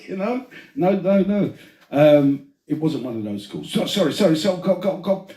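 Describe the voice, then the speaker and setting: High-voiced man, roomy and distant. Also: expressive, normal speed, mellow. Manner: laughs often, swears. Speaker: podcast host. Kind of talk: casual banter. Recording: echoey room, from afar.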